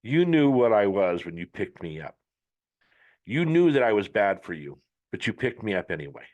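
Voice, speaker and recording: A man's voice: on the low side, very animated, moderate pace, darkish tone, muffled recording. A man telling a sly fable snake. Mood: cold.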